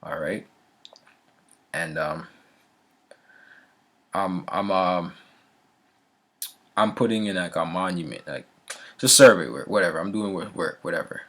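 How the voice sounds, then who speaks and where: A man's voice: low voice, moderate pace, pauses often, sharp tone. A man telling a story in a loose, casual way, often checking in with the listener and restarting his sentences. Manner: frequent fillers and restarts, a laugh now and then. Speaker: vlogger.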